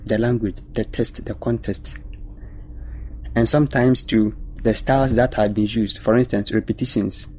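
A man speaking on a faith panel, explaining scripture in a measured, teacherly way. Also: fairly low pitch, fairly even intonation, darkish tone, slightly rough. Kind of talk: panel discussion on Bible study.

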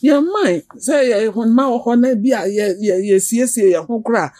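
A woman who is a pastor's wife, chatting as a guest and telling lively stories with hushed asides. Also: on the high side, normal speed, dry recording. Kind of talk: casual chat.

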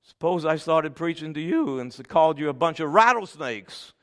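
A man's voice: on the high side, lively intonation, normal speed. Man preaching with big dynamic swings. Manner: swings from loud forceful scripture reading to soft tender near-whisper. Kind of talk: sermon. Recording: long hall reverb.

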